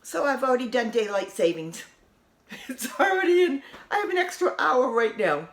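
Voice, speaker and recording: Excitable older New woman, laughing. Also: high-pitched, normal speed. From New England. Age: 60s. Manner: excitable, laughs often, exasperated humor. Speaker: vlogger. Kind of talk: casual storytelling vlog.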